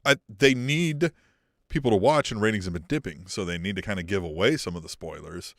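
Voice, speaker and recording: A man's voice: lowish voice, brisk, dry recording, studio quality. A man co-hosting a casual wrestling talk podcast, swearing freely, laughing and acting out quoted lines. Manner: animated, swearing, laughs a lot, acts out quotes. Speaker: co-host.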